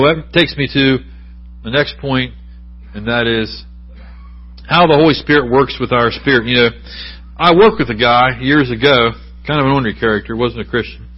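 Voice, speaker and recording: Middle-aged male preacher, husky, conversational sermon delivery, muffled church recording. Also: medium pitch. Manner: conversational preaching with asides and questions to the congregation. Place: church sanctuary.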